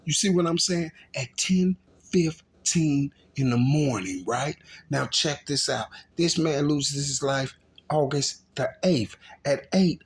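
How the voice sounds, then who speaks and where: A man's voice: fairly high pitch, takes it slowly, breathy edge. A man giving heated street commentary, emphatic and repetitive, firing off rhetorical questions. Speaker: commentary channel host.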